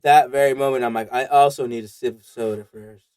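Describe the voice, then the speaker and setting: A man's voice: medium pitch, steady tone, a little fast, darkish tone, no echo. Rambling, foul-mouthed man telling stories. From Mexico. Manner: rambling profane storytelling. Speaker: podcast host. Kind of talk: casual chat.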